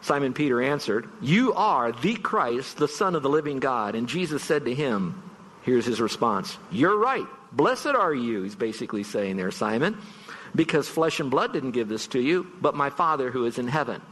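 Earnest pastor preaching in a reverberant hall. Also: male voice, medium pitch, lively intonation, fairly bright tone. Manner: earnest, emphatic, drawn-out stresses on key words. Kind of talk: farewell sermon. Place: church sanctuary.

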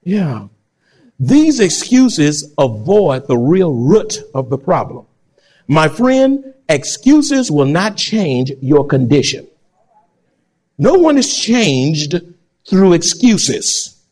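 A male pastor preaching an animated sermon. He acts out voices and breaks into shouts. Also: fairly high pitch, drawn-out words.

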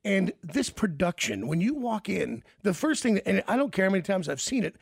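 A man's voice: high-pitched, big pitch swings, a little fast, vocal fry, slightly rough, no room sound, clean studio sound. A man hosting a radio interview, enthusiastic and rambling, repeating words as he talks.

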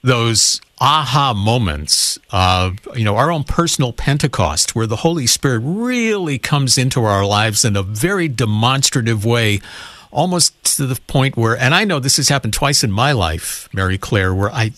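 A man's voice: medium pitch, lively intonation, moderate pace, a bit bright, no echo. A man hosting a call-in radio show in an earnest, upbeat way, greeting callers and asking about their stories. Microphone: studio microphone.

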